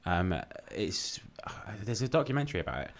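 A man with a lowish voice that swings widely in pitch chats casually on a podcast. He jokes around and drops into quieter, half-mumbled asides as he talks. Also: big pitch swings, brisk, creaky. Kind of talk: casual chat.

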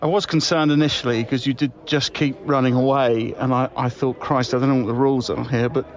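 A man's voice: medium pitch, steady tone, a little fast, lo-fi sound. A man leaving chummy, breezy comic voice messages, rambling with fillers and restarts. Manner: chummy and breezy, saying mate a lot. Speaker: comedy podcast co-host. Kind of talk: improvised comic voice-message monologue.

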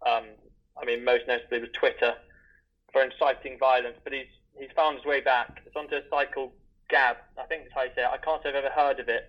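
A man's voice: mid-range voice, little pitch movement, fast. A young man on a podcast, matter-of-fact. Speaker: podcast co-host. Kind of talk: casual podcast chat. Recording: dull lo-fi audio.

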